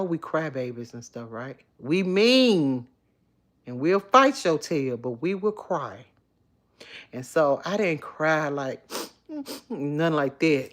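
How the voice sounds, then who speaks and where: A middle-aged woman hosting a casual livestream, chatting candidly and reading viewer comments aloud on her phone. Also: deep voice. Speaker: livestream host. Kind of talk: casual live chat with viewers.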